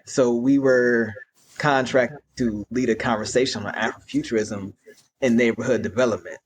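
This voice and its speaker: A male program leader speaking earnestly in conversation, pausing to search for his words as he reflects. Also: mid-range voice, steady tone, slight background noise. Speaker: youth program leader, guest.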